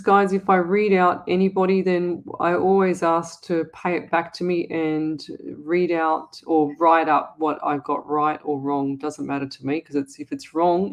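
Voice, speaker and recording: Chatty Australian woman, lowish voice. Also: flat delivery, moderate pace, few pauses. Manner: chatty, rambling, repeats herself. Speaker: psychic medium host. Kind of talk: live online reading.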